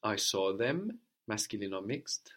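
Low-voiced man teaching a language. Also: sing-song, measured pace, a bit bright. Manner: patient, prompting questions then repeating answers. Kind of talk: spoken language lesson.

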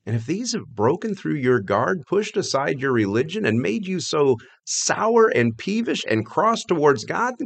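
A man reading a sermon aloud from a manuscript, building intensity in the passionate passages. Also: a little high.

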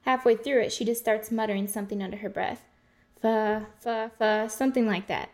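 A woman's voice: mid-range voice, steady tone, brisk, a little mellow, lightly acted. A woman voicing a blunt, bored waitress on the graveyard shift, answering in a sarcastic, unbothered way. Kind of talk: game voice acting.

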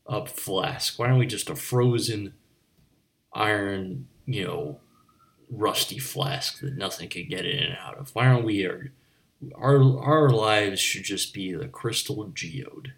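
A man delivering a rambling, absurdist comic monologue to the camera, wandering between mock-philosophical musings and stammering restarts. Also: on the low side. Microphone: on camera, speaking to viewers.

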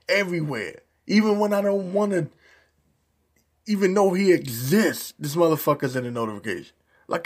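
A man's voice: a little high, husky. A man giving a casual, profane rant as a YouTube commentator, heavy on slang. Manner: profane, animated ranting with slang.

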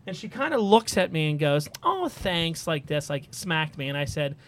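A man with a slightly high voice tells a long story on a casual podcast. He talks loosely and chats with his co-hosts. He laughs as he goes. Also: expressive, brisk, a little hiss or hum. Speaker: podcast host. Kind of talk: casual chat.

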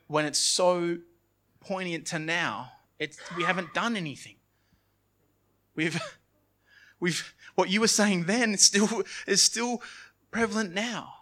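A man preaches in a church with an earnest, pleading delivery. His voice sits a little higher than most men's. He repeats phrases and often lets them fall soft and low. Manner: earnest, repetitive preaching with restarts and sudden soft drops. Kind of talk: sermon.

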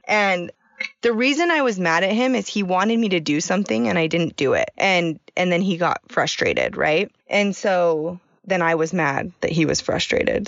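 A woman's voice: on the low side, very animated, normal speed, no room sound, muffled recording. A woman in her thirties co-hosting a podcast, telling a personal story in a chatty way and laughing often. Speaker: podcast co-host. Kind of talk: casual podcast chat.

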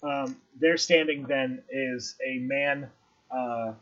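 A man's voice: medium pitch, fairly even intonation, slow, fairly bright tone. A man running a tabletop game as game master, describing scenes and ruling on checks, on a dull lo-fi recording.

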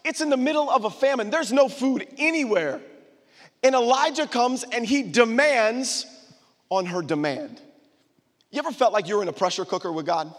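In a large hall, a man with an extremely high-pitched voice delivers a sermon at normal speed. His emphatic, repetitive preaching keeps prompting the congregation to call back to him.

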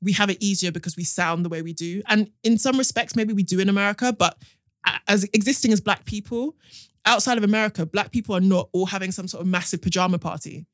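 A British woman hosting a podcast, telling stories and giving opinions in an animated, casual way. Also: mid-range voice, fast, no echo, studio quality. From United Kingdom. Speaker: podcast host.

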